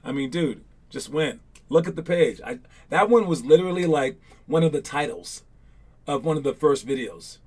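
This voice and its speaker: A man running a casual live online basketball coaching session, chatty and rambling with lots of fillers, teasing and excitable. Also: on the high side, moderate pace.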